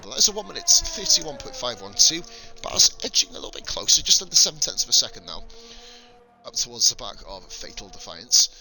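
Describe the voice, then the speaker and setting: An English man with a slight lisp calls an online race live, blunt and free with swearing. His pitch swings up and down a lot as he reacts. Music plays clearly under his voice from his desk mic. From England. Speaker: sim racing commentator. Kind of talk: live stream race commentary.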